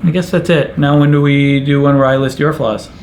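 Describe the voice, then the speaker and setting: A man's voice: a little high, steady tone, a little fast, a little mellow, slight background noise. Joking middle-aged man vlogging. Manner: joking, playful. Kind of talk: casual chat. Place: outdoors.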